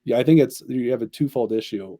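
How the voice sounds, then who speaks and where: A man's voice: medium pitch, fast talker, warm tone, dry recording. A man, a company chief executive, answering interview questions at length in an upbeat way. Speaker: agency CEO, podcast guest.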